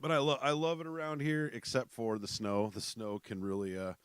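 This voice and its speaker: A man's voice: mid-range voice, level tone, fairly quick, clear, resonant tone, no echo. A man from South Dakota hosting his own podcast, rambling in casual chat with many fillers and restarts. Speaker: podcast host.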